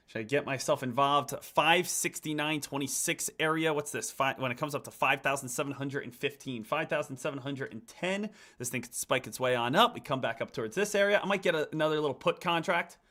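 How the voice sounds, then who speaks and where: A man streaming live stock trades, muttering over charts and then ranting loudly and excitedly. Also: a little high. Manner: swings from muttered chart reading to loud excited rants. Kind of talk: live trading stream commentary.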